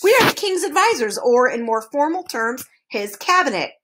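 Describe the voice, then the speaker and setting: A woman's voice: sits high, sing-song, normal speed, a bit bright. A woman voicing a chorus of pompous, fussy royal advisors who reel off grand word lists.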